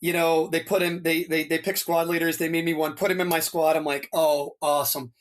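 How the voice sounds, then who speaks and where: A higher-pitched man in his fifties, a retired fire lieutenant, tells stories briskly as an interview guest. His casual storytelling is loose and rambling, heavy on fillers, and grows animated when he quotes others.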